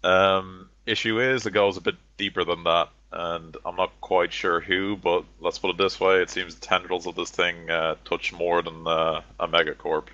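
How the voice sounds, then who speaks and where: Man doing a laconic shady broker, deep low voice, bright edge, dull dry lo-fi sound. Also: little pitch movement, moderate pace, few pauses, no room sound. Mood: matter-of-fact. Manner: laconic, matter-of-fact, calls others kid. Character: shady male information broker, cool smoker.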